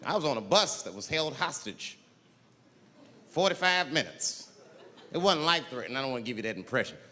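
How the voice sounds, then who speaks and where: A man doing a stand-up comedy routine, telling a profane story and acting out the people in it with yelled voices. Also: medium pitch, very animated, brisk. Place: large theater stage. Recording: live show in a large hall with crowd. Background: audience laughter.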